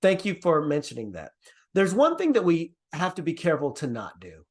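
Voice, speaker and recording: A man who grew up in the Caribbean, leading an online workshop over a video call in an earnest, encouraging way. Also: fairly quick. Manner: earnest, encouraging, lively pitch swings. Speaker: workshop presenter.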